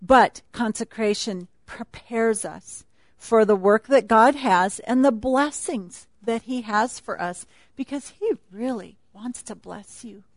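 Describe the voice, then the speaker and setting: A woman's voice: on the high side, takes it slowly, no room sound. A woman speaking at a retreat, teaching a Bible passage in a chatty, laughing sermon style.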